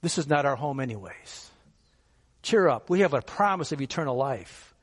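A man's voice: medium pitch, animated, fairly quick, husky. Man preaching in a reverberant sanctuary. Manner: conversational preaching with rhetorical questions. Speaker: pastor. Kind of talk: sermon.

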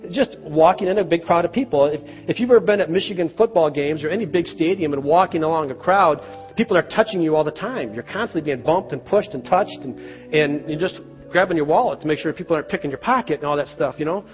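A middle-aged pastor with a fairly high voice preaches and prays in a church. His earnest, plain-spoken delivery carries a long reverb off the sanctuary walls. The recording sounds dull and lo-fi, with soft music underneath. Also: fast talker. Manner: earnest, rises loud when acting out quoted cries. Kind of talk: sermon and closing prayer.

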